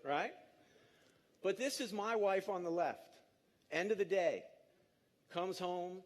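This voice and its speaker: A man in his fifties giving a lively, jokey conference talk to an audience in a large auditorium, coaxing the crowd along. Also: sits high, slow. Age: 50s. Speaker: speaker.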